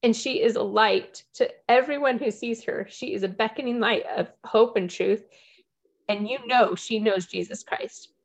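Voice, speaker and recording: A woman's voice: a little high, normal speed, vocal fry. Earnest, emotional woman. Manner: earnest, emotional, near tears. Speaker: group member sharing. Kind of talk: heartfelt personal sharing.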